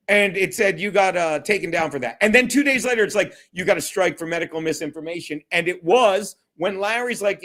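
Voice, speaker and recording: Male streamer, high-pitched, loose and profane, rambles and laughs through his chat. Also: animated, fairly quick, a bit bright. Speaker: livestream host. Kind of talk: casual solo livestream chat.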